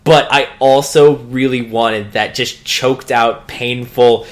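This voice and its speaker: A man's voice: mid-range voice, fairly even intonation, takes it slowly, hardly any pauses. A man in casual chat recapping a show, offhand, acting out quoted dialogue. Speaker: podcast co-host.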